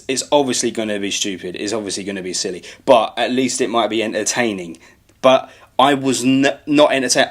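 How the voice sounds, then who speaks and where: A man hosting a casual film review chat, holding a middle pitch. He rants with plenty of swearing. His tone is frank and blunt. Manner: ranting, heavy swearing. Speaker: film review podcast host.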